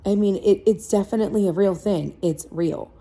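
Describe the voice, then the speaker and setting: Gravelly, pleading mom vlogger. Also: female voice, mid-range voice, moderate pace, dark tone. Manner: earnest, pleading, repeats herself. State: emotional. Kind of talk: heartfelt direct-to-camera vlog.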